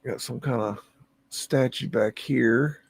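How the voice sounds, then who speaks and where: A man's voice: medium pitch, takes it slowly, vocal fry, slightly rough. A man hosting a livestream, musing aloud and easily amazed as he comments on photos, humming to himself between remarks. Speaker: livestream host.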